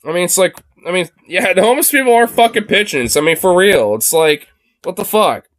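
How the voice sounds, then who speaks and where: A young man who hosts a podcast goes on a casual, profane rant, rambling with plenty of fillers and swearing. His voice is high, expressive, a bit bright and fairly quick, recorded at studio quality with no room sound.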